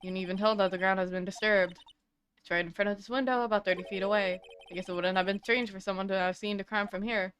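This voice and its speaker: A woman's voice: mid-range voice, fairly even intonation, quick pace, a bit bright, slight background noise, lightly acted. A woman voicing a cheerful teenage girl spirit medium, playful and teasing.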